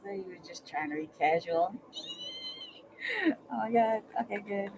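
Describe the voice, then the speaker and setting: A woman hosting a live tarot stream, chatting casually with viewers, excitable and quick to laugh, sometimes dropping to a near-whisper. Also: medium pitch, background noise.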